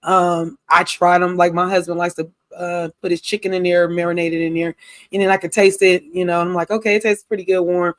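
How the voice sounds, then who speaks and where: A woman's voice: lowish voice, little pitch movement, dry recording. Talkative woman co-host, dry close sound. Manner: candid and talkative, with drawn-out asides and laughs. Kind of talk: casual livestream chat.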